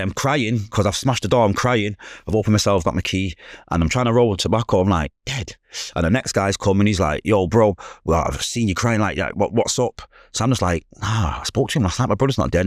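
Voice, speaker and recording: A middle-aged man with a Mancunian accent, a podcast guest telling a painful story in fast street slang, acting out the voices of others. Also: deep voice, no room sound, clean studio sound. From England. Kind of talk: emotional storytelling.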